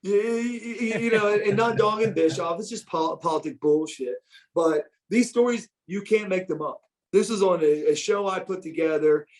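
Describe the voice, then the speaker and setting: Middle-aged male guest, higher-pitched voice, swears freely and restarts often while telling stories. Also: normal speed. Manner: animated, profane, frequent restarts. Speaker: interview guest. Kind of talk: casual storytelling.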